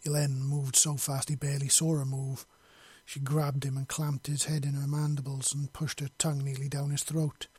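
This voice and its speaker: A man's voice: mid-range voice, completely flat delivery, moderate pace, hardly any pauses, a little mellow, husky, no room sound. A man reading a long fantasy story aloud in an unpolished way, with slips and self-corrections. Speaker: story reader. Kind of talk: reading his own fiction aloud.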